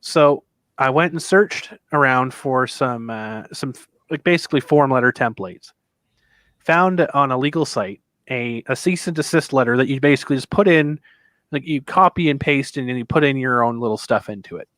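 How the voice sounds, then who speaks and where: A man's voice: mid-range voice, moderate pace, dry recording. Guy rambling thru a story, swears a lot, does little voices for people, dry close mic. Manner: rambling, animated, swears freely, mimics other people's voices. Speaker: podcast co-host telling a convention story. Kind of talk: casual storytelling.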